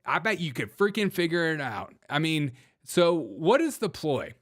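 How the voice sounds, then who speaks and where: Brash, animated commentary host. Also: male voice, on the high side, moderate pace. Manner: brash, sarcastic, laughs often, addresses chat. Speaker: livestream host. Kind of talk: comedic political commentary.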